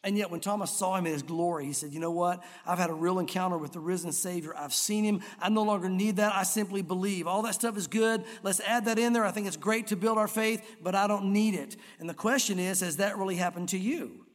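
A man's voice: sits high, a little fast, hardly any pauses. A man preaching a sermon as a pastor, telling stories and acting out voices. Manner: animated storytelling, acts out voices. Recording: long reverb of a large hall.

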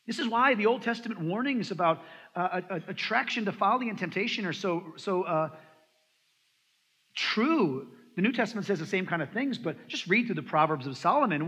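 High-pitched, brisk and husky, a man preaching as a pastor brings his stories to life by performing the quoted voices of their characters. The recording is dull and lo-fi, echoing at length through a hall.

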